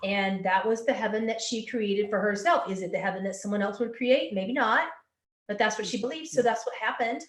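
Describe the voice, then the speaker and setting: A woman's voice: mid-range voice, fairly quick. A woman working as a psychic medium, relaying channeled answers in a flowing, earnest way and repeating words for emphasis. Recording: echoey room.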